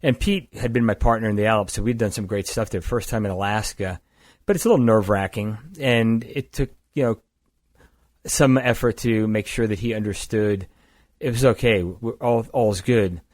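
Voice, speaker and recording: An older man from the East Coast of the United States tells his story in a steady, matter-of-fact way, his voice sitting low. He is recorded up close and dry, with no room sound, as a guest at a podcast table. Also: normal speed, no room sound. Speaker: guest, climbing gear company founder. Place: indoors across a table.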